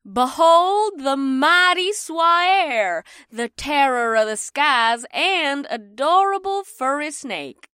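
A woman voicing an excited woman who presents a dragon theatrically in an audiobook. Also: high voice, slow pace, hardly any pauses, dry recording, studio quality, voice pushed up, full character voice. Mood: grand. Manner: theatrical announcing.

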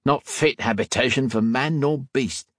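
A man voicing a grumbling, rough hired thug in an audiobook. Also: medium pitch, unhurried, no echo, studio quality, pitched above the performer's own voice, natural voice.

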